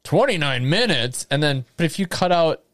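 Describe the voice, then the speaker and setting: A man's voice: fairly high pitch, animated, normal speed, a bit bright, dry recording. A man co-hosting a podcast, chatting casually and trading short agreeing replies. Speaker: podcast co-host. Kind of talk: casual chat.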